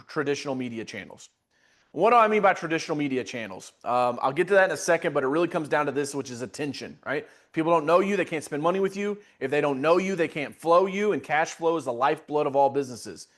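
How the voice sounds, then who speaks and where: A man coaching business owners in a live webinar, energetic and joking, repeating points to drive them home. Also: fairly high pitch. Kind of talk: webinar presentation.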